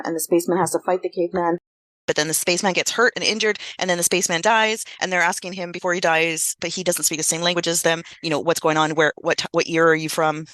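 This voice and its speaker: A woman's voice: fairly low pitch, a bit bright, no echo. A woman co-hosting a podcast, casually recapping a film plot with lots of fillers. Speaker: podcast co-host. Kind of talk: casual movie review chat.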